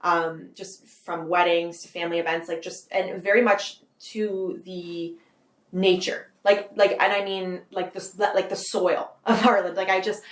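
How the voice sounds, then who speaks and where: A woman's voice: lowish voice, level tone, measured pace, reverberant. A Canadian woman in her twenties, a guest author in a casual interview, rambling and filling her talk with "like". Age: 20s. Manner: rambling, heavy use of "like", frequent laughs.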